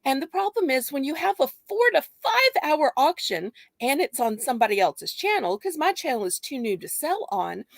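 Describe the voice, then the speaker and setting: A woman's voice: sits high, very animated, moderate pace, creaky, few pauses, no echo. A woman guest on a livestream chat, politely explaining her ideas at length. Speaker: guest reseller.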